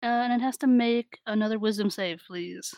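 A woman's voice: a little high, moderate pace, darkish tone, dry recording, low-quality recording. A woman player in a tabletop game, chatty and laughing often. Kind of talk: casual tabletop game play.

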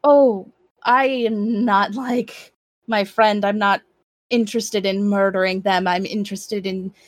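A woman's voice: medium pitch, fairly even intonation, slow pace, dry recording, natural voice. A woman voicing a courteous, apologetic red-haired human adventurer. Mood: polite.

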